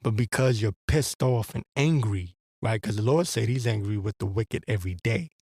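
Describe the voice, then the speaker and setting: Animated and husky, the man hosting this podcast has a lowish, darkish voice at normal speed. His religious commentary is blunt and profane, rambling with restarts and a preacher-like edge. The studio-quality recording has no echo.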